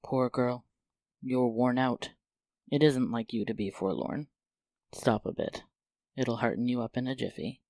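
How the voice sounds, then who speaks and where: A man's voice: mid-range voice, steady tone, a little slow, long pauses, a little mellow, no room sound, close to an everyday voice. A man voicing a kind, mischievous young man in a storybook reading, talking eagerly and teasingly. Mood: cheering.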